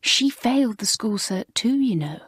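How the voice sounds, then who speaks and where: A confiding teenage schoolgirl from a storybook, as a woman narrator puts her on. She speaks in a hushed, breathy half-whisper, a little higher than the reader's own voice. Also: lively intonation, normal speed, no echo, clean studio sound.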